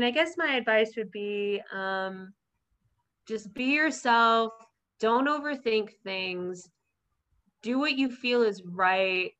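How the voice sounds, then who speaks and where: Casual female interview guest, higher pitch, easygoing and giggly. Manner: laughs often, relaxed and chatty. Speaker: podcast guest, performer. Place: at home in a fire warning zone.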